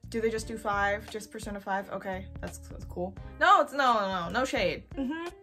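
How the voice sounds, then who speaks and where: A young woman chatting casually while browsing online, expressive and given to excited outbursts. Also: mid-range voice, moderate pace, faint music behind. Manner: chatty, expressive, swings to loud excited squeals. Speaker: youtuber. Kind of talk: casual screen-recorded shopping commentary.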